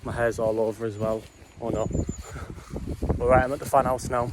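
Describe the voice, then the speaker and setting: A man's voice: medium pitch, little pitch movement, moderate pace. Young man, casual explorer vlog commentary, rambling and slightly out of breath, noisy outdoor mic. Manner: rambling, chatty, frequent ums and whatnots. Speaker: vlogger exploring old mine ruins. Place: outdoors on a windy hillside. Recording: noisy outdoor camera audio.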